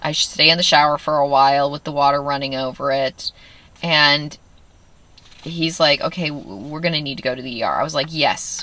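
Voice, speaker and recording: Woman, low voice, bright tone, dry close recording, candid wry storytelling. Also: moderate pace, dry recording. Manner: candid, wry, quoting others in dialogue. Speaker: vlogger. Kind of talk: personal storytelling.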